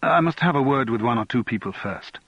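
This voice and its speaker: A man playing a relaxed, teasing politician. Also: mid-range voice, a little fast, slightly rough, no echo, highs cut off. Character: relaxed, clubbable young Scottish politician.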